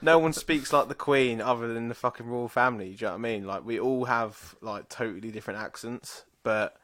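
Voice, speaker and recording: A man's voice: mid-range voice, fairly quick, a bit bright. A man in his thirties from England, co-hosting a podcast and rambling through sweary anecdotes with laughs. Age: 30s. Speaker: podcast co-host. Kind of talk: casual chat.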